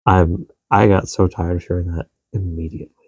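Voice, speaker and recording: A man's voice: low-pitched, steady tone, fairly quick, darkish tone, husky, no room sound, studio quality. A man in his thirties co-hosting a podcast, venting in casual chat about parenting and acting out his child's lines. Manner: exasperated, venting, acts out quotes of his child. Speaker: podcast co-host.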